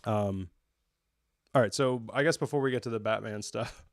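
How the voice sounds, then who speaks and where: A man's voice: on the low side, normal speed, no room sound, studio quality. A young man from the New area, chatting casually and enthusiastically as a show reviewer, often restarting his sentences. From New York area. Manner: rambling, self-correcting, enthusiastic.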